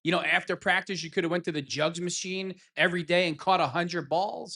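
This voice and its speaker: A man's voice: high voice, steady tone, brisk, gravelly, pushed and bright. A man hosting a solo live-stream sports talk show, rambling and mocking in a sarcastic tone.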